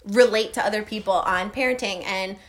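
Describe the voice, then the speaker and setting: A young woman chatting casually as a podcast co-host, at a middling pitch for a woman. She talks in a loose, friendly way. She laughs easily and puts on little voices when she quotes people. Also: fairly quick. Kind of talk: casual chat.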